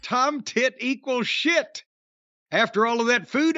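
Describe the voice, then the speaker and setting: A man's voice: very high voice, takes it slowly, bright, forceful tone, no room sound. A middle-aged man hosting a podcast, chatting casually with profane, rambling storytelling. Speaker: podcast host. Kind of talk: casual chat. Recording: dry, dull lo-fi sound.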